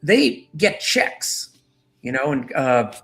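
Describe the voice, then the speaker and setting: Lively rambling man in his sixties. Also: slow pace, faint music behind. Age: 60s. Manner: rambling storyteller with lively pitch. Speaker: guest. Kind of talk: casual interview chat.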